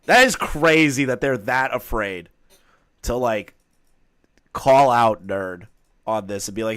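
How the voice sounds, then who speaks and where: A man commenting casually on a live stream, swearing often, reading documents aloud and breaking into loud exclamations. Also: mid-range voice, lively intonation, moderate pace, dry recording, studio quality.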